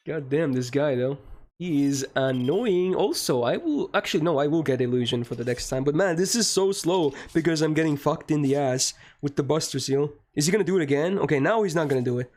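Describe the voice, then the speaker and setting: A man's voice: on the high side, animated, fairly quick, darkish tone. Frustrated streamer ranting at his game. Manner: frustrated, swearing, rants at chat. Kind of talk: casual game livestream.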